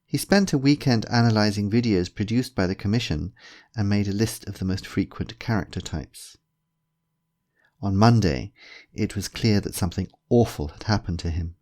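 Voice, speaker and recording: A man with a lowish voice narrates a comic short story at a steady, measured pace. His delivery is even and controlled. He sounds like a practised reader. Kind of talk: scripted narration.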